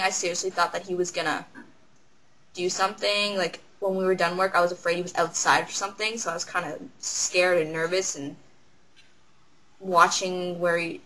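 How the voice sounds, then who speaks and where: A woman's voice: on the low side, bright, forceful tone, slight background noise, low-quality recording. A young woman who works as a cashier, telling stories about customers in a chatty, rambling way and acting out their lines. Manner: chatty, rambling, acts out customers in quick quoted voices. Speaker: retail cashier. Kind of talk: casual vlog storytelling.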